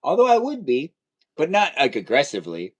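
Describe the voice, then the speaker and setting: A young man chatting casually on a live stream, rambling playfully from topic to topic and now and then breaking into high squealing calls. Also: huge pitch swings, a little fast, lo-fi sound. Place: home studio near a garage.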